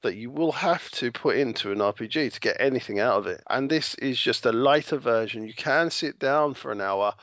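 A man's voice: medium pitch, fairly quick, few pauses, fairly bright tone, dry recording. A man co-hosting a podcast about games, chatting casually and musing aloud. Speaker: co-host. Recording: dull lo-fi podcast audio.

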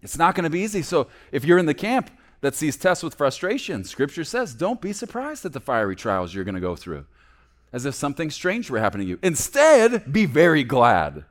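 Male pastor preaching; lively, slightly higher voice, big swings from loud to hushed. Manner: animated preaching, swings between loud emphasis and hushed low asides. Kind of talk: sermon.

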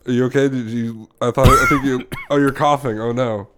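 A man hosting a podcast in casual chat, playful and full of quick questions. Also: medium pitch, huge pitch swings, very noisy. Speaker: podcast host.

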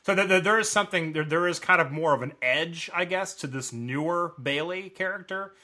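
Podcast guy talking wrestling, bright punchy voice, a bit high, gets animated. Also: fairly quick. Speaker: podcast co-host. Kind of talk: casual wrestling review chat.

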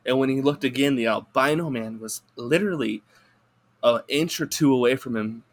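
Guy rambling thru a story on a podcast, swears a lot, laughs, mid-pitched regular voice. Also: moderate pace. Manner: rambling, profane, laughs through his story. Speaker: podcast guest. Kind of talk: casual storytelling chat.

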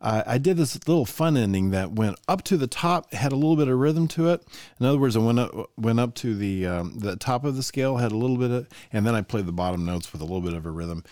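A middle-aged man with a lively, swinging voice hosts a solo podcast. He talks in an enthusiastic teacher's way and keeps asking the listener questions. The sound is close and dry. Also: mid-range voice, no echo. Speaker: music teacher and podcast host.

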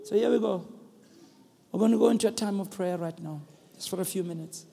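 A South African man preaching a sermon as pastor, earnest and building to emphatic shouts. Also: high voice, a little fast, gravelly. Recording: long hall reverb.

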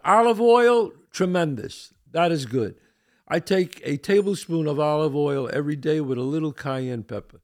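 An older man with a fairly high, gravelly voice hosts a podcast in a casual, earnest monologue. He is blunt and mildly profane, hammering home his points by repeating them with a little swearing.

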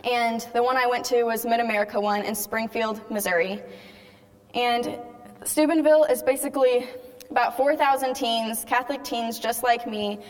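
A woman's voice: on the high side, normal speed. A teenage girl giving a chatty personal testimony talk to a live audience and acting out bits of dialogue as she tells her story. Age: teens. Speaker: speaker giving a faith testimony. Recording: long hall reverb.

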